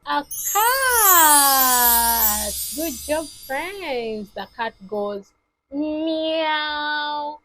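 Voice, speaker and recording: A woman teaching toddlers, speaking in a slow, sing-song, exaggerated way. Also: sits high, animated, over music. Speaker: children's teacher. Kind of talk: toddler lesson.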